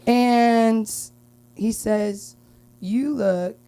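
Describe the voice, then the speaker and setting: A young woman from Los Angeles performing a rambling stand-up comedy set at an open mic, with filler-heavy talk and sudden loud outbursts. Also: fairly high pitch, fairly even intonation, drawn-out words, clear, resonant tone.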